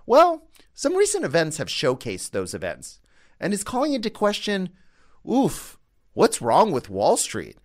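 A man's voice: high voice, huge pitch swings, unhurried. A man hosting a podcast, reading a scripted opening in a conversational way with playful asides. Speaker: podcast host.

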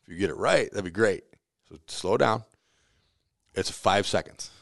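Telling stories in a casual interview, a man who owns a pizzeria acts out the voices of the people in them and laughs often. His voice is on the low side and creaky, his pace unhurried. The studio-quality recording has no room sound.

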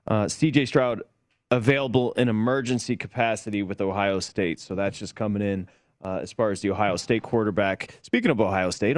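A man hosting a sports radio show, giving quick updates and chatting casually with his co-host. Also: on the low side, no echo, studio quality. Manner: conversational, reads updates, laughs easily.

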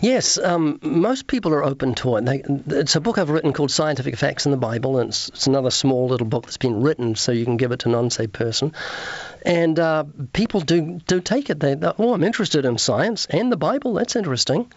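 A man's voice: mid-range voice, fairly quick, no echo, highs cut off. A man, an evangelist and author, telling stories of his street conversations and acting out the dialogue as he goes. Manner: earnest, retells street conversations with quoted dialogue, repeats words. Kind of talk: interview storytelling.

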